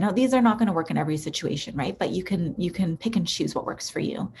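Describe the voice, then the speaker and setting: Low-voiced woman therapist teaching a workshop. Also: expressive, fast, hardly any pauses, darkish tone, a little hiss or hum. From Canada. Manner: conversational, frequent "right?" and "um". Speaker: relationship therapist. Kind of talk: recorded workshop presentation.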